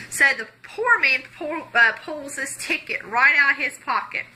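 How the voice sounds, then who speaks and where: Bright-voiced woman telling a folksy gospel story. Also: high voice, animated, moderate pace, few pauses, a little hiss or hum, rough recording. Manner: folksy, chatty, many "okay"s. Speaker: gospel magic presenter. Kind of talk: storytelling tutorial.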